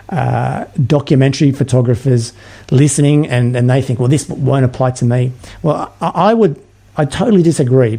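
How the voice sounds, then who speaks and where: A man's voice: on the high side, mellow. Australian man, eager and light-toned. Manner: enthusiastic, repeats words when starting sentences. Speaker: podcast guest. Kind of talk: casual interview chat.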